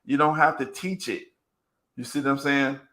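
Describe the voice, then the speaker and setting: Bright, rambling man in earnest talk. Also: medium pitch, steady tone, moderate pace. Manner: rambling, repeats words, earnest. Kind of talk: casual commentary talk.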